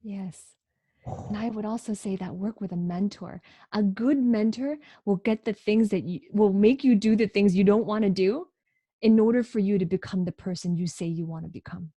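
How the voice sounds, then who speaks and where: A woman's voice: medium pitch, moderate pace, mellow, no room sound. A woman who is a career educator, a podcast guest, speaking emphatically in a coaching tone and repeating key phrases. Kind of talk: conversational podcast interview.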